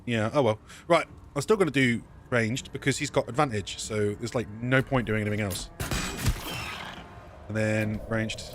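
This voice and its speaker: A man's voice: fairly low pitch, normal speed, noisy background. A man casually commentating his gameplay as a let's play streamer, thinking aloud and correcting himself as he goes.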